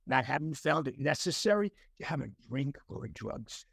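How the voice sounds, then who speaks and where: Man in his sixties, interview guest, personal story, lively acted-out dialogue, dry voice. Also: medium pitch, brisk, gravelly, husky, dry recording. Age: 60s. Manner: animated storyteller acting out dialogue; earnest, emotional at times.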